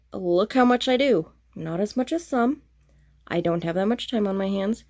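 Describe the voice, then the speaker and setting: A woman vlogging casually about her cross-stitch progress, with a throaty, flat voice and a self-deprecating, apologetic, rambling way of talking. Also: a little high, no echo. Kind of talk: casual show-and-tell chat.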